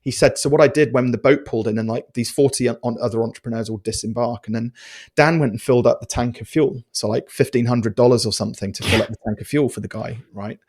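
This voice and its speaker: A man, a podcast guest telling stories in a casual, animated way with many restarts. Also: mid-range voice, fast. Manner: animated, chatty storyteller with many restarts and fillers. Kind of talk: casual storytelling interview.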